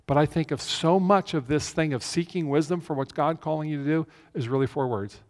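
A man's voice: fairly high pitch, a little fast, darkish tone. Man preaching in a reverberant hall. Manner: conversational, repeats key phrases for emphasis. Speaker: pastor. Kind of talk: sermon. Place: church with a screen behind him. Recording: long reverb of a large hall.

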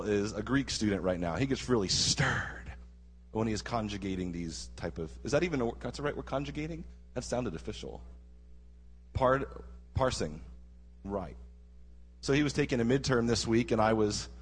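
A man preaching a sermon to his congregation, asking them lively rhetorical questions. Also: lowish voice. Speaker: pastor. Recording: husky voice with long hall reverb.

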